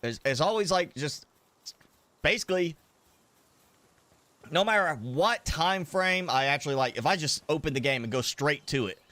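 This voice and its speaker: A man's voice: a little high, animated, normal speed, long pauses, bright, forceful tone, no echo. A man streaming a game live, chatting loosely while eating spicy food and coughing now and then. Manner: rambling, eating while talking. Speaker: gaming streamer. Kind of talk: casual live-stream chat.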